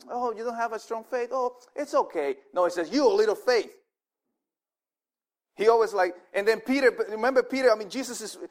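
Man, pastor, sermon, high voice, animated, conversational, frequent restarts.

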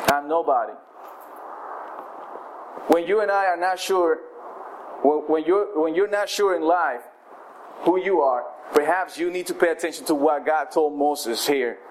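A man's voice: a little high, noisy background. A man preaching a sermon, retelling scripture in a conversational everyday voice with frequent restarts.

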